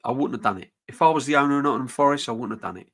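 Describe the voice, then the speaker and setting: Man, middle-aged, live-stream host, rambling and frank with restarts, mid pitch. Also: racing, vocal fry, a bit bright. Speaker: football channel host reading live chat. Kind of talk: casual live-stream chat.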